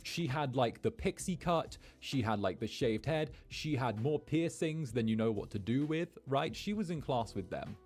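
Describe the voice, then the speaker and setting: Vtuber guy telling a story, mid pitch, chatty and animated, soft music underneath. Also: normal speed, few pauses. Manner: animated, chatty, acts out quotes. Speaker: VTuber streamer. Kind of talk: casual storytelling.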